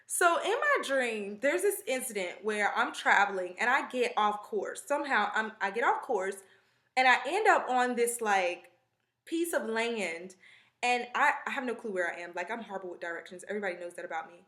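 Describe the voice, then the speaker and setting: A young woman with a bright, forceful voice pitched a little high chats straight to her camera. She tells her story in a rambling, animated way with plenty of fillers. The room around her rings with echo. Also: normal speed. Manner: chatty, rambling, animated retelling with many fillers. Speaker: vlogger. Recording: echoey room.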